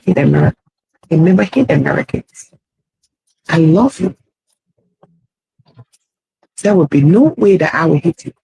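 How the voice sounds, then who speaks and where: A tearful woman pleads through an apology video. Her voice is raspy and gravelly, with a high pitch. The recording is dry and close. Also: animated, measured pace, pauses often, mellow, no echo, rough recording.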